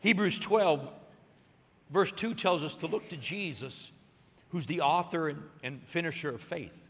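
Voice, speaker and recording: A man preaching a sermon, telling a story with lively acted-out voices and rising to excited peaks. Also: a little high, measured pace, breathy edge, in a large hall. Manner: animated storytelling, acting out voices and building to shouted peaks. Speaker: pastor.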